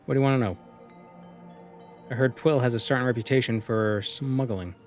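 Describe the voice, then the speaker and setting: A man's voice: medium pitch, normal speed, a little mellow, lightly acted. A man voicing a shrewd, guarded small-town mushroom shopkeeper in a folksy drawl, with faint music behind. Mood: boastful. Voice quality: drawling, folksy rural accent voice. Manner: wheeling and dealing, slightly menacing.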